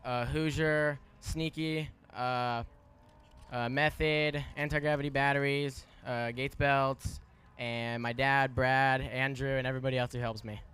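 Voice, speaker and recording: A race driver, a man, giving halting thanks with many fillers at an outdoor podium. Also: mid-range voice, level tone, fairly bright tone, clear, resonant tone. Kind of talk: podium thank-you speech.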